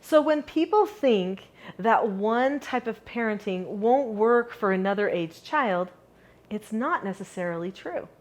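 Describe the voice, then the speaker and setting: A middle-aged woman talks straight to the camera about raising children. Her voice sits at a mid pitch, and she shifts between energetic emphasis and a softer, calmer way of speaking. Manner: upbeat, shifts between animated and calm delivery. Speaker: parenting educator. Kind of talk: direct-to-camera parenting lesson.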